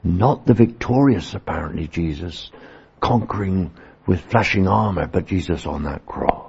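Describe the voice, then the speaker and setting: A man preaching a sermon, earnest, swinging between emphatic peaks and quiet low passages. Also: normal speed, vocal fry, slight background noise. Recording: dull lo-fi sermon recording.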